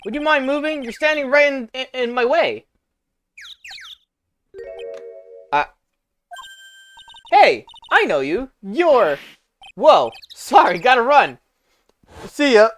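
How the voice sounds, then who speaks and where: A woman voicing an excitable, lovestruck young man in a game, loud and stammering. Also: sits high, measured pace, long pauses, soft background music, pitched above the performer's own voice. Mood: excited. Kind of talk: voicing game dialogue live.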